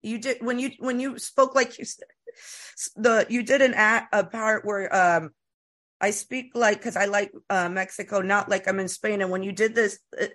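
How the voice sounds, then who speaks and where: Female podcast host, East Coast accent, bright and excitable, rambles. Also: medium pitch, moderate pace. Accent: East Coast American. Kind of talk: casual podcast chat.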